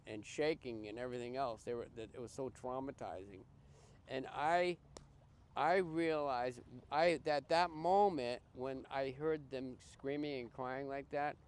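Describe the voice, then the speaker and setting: Older man telling his story haltingly. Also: mid-range voice, slight background noise. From Massachusetts. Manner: halting, restarts and repeats words, earnest. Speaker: podcast guest. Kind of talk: personal life story in conversation.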